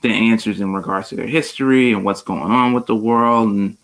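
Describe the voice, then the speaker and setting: A man's voice: fairly low pitch, steady tone, normal speed, a bit bright. A man on a casual panel, speculating and thinking aloud with fillers.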